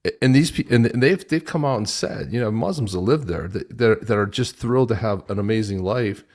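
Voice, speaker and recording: A man hosting a podcast in casual chat, talking in an animated, indignant way and often stumbling over his words. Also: lowish voice, brisk. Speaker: podcast host.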